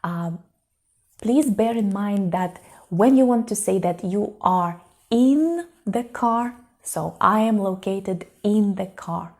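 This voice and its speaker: Russian-native woman tutor, mellow tone, very slow and deliberate, explains with clear examples. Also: medium pitch, lively intonation. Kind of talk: online language lesson.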